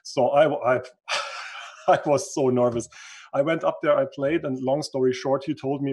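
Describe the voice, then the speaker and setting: A man speaks in a husky, slightly rough voice at a middle pitch. English is not his first language, and he pauses now and then to find a word. He tells his story as an interview guest, earnest and reflective. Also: steady tone, a little mellow. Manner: reflective, earnest, searches for words. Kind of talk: conversational storytelling.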